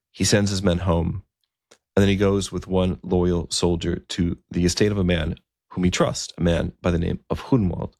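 Deep gravelly man telling a story. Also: no echo, studio quality. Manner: relaxed, with asides and fillers. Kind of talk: conversational storytelling.

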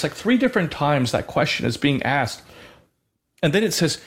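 A man's voice: a little high, animated, fairly quick, a bit bright. Earnest man teaching on a talk show. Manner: earnest, with many fillers and restarts. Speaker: co-host of a Christian show. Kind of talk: conversational teaching.

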